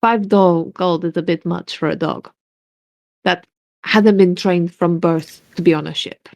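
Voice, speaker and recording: A woman's voice: lowish voice, steady tone, a little slow, vocal fry, a little mellow, dry recording. Woman playing a stern pirate man. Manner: firm, clipped commands.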